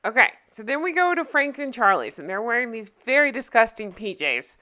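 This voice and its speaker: A woman's voice: fairly high pitch, very animated, fairly quick, pushed and bright. A woman recapping a TV episode in a casual chat, often breaking up laughing. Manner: giggly, keeps breaking into laughter. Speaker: recap vlogger.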